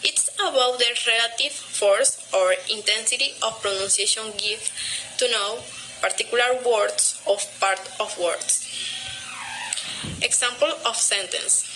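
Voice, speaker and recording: A young woman, a student, reading a class presentation aloud carefully and deliberately, pausing between example words. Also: a little high. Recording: steady background noise.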